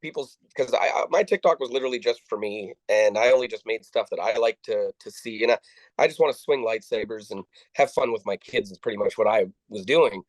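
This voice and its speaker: Man, interview guest; halting, restart-heavy delivery; acts out quoted lines; dry sound. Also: lowish voice, no room sound, rough recording. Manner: halting, with frequent restarts and repeated words; acts out the dialogue of people he quotes. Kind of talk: conversational storytelling.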